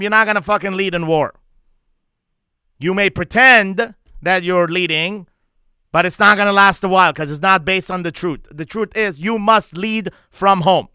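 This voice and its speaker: A man's voice: sits high, sharp tone, clear, resonant tone, no echo, studio quality. A man coaching bluntly, with heavy swearing and emphatic repetition of his points. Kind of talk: forceful motivational talk.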